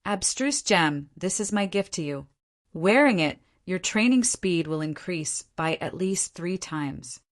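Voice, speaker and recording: A playful, self-assured teenage boy from an audiobook, voiced by a woman narrator. He speaks in a light, teasing way, and the reading sits somewhat higher than the narrator's own voice. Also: lively intonation, unhurried. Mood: calm.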